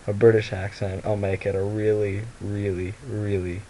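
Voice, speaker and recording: Tired young man with a gravelly voice. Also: lowish voice, flat delivery, moderate pace, mellow, slight background noise, poor audio. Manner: rambling, lots of fillers and restarts. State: tired, sleepy voice. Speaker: vlogger. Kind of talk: casual confessional vlog. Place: at home by a mirror.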